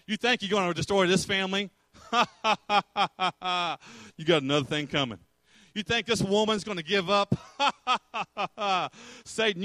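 Man doing bright, taunting God voice, mocking and sure of victory. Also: sits high, dry recording. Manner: taunting, emphatic, slangy. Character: confident male God mocking the enemy, laughing.

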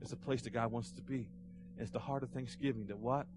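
A pastor delivering a Sunday sermon in a church, telling a story with rising fervor and then dropping to a hushed close. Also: male voice, mid-range voice, fairly even intonation, brisk, background noise. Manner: storytelling, swelling to fervent emphasis then hushed prayer. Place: church sanctuary.

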